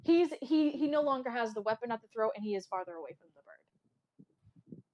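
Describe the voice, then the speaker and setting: A woman's voice: fairly high pitch, lively intonation, normal speed, muffled recording. A woman narrating a tabletop game as game master, in a chatty, casual way.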